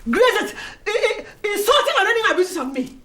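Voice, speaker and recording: An actress with a Nigerian accent playing Betty, a proud, furious club matriarch, shouting and laughing scornfully. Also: female voice, extremely high pitch, big pitch swings, fairly quick, echoey room, full character voice. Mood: indignant. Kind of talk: Nollywood film acting.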